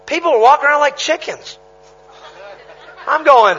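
High, bright-voiced animated preacher man. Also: moderate pace, highs cut off, some chatter behind, a little hiss or hum. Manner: animated storytelling, laughs, punchy repetition. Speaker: traveling preacher. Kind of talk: sermon.

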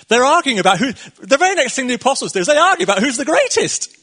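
Bright, husky-voiced preacher man. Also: extremely high pitch, big pitch swings, fast. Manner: chatty and conversational, laughs often, acts out quotes. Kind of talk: casual sermon.

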